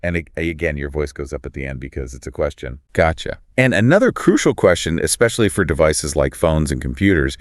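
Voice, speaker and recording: A man's voice: extremely low pitch, big pitch swings, fairly quick, few pauses, no room sound, studio quality. A male co-host of an English lesson podcast, upbeat and explaining pronunciation tips.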